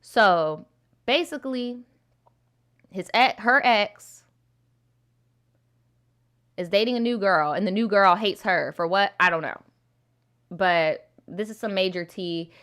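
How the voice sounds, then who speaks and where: A woman's voice: mid-range voice, slow pace, pauses often, fairly bright tone, smooth. A woman hosting a live show, chatting casually and bluntly with her audience, swearing and laughing often as she reads viewer stories and comments. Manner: blunt and profane, laughs often, talks straight to the chat. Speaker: livestream host reading viewer stories.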